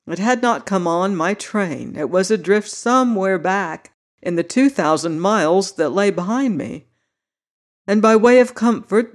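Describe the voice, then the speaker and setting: An audiobook narrator reading a classic novel with measured, even storytelling. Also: medium pitch.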